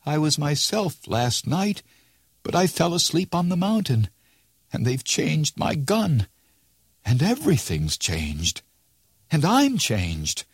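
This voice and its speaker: A man voicing a bewildered old man who has lost twenty years, in a halting, pleading way. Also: a little high, breathy edge, no room sound, studio quality, voice pushed up, exaggerated voice.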